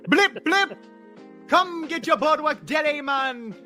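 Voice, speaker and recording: A man voicing a loud male New Jersey boardwalk deli hawker who hollers his sales pitch. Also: expressive, slow, soft background music, full character voice. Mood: hawking.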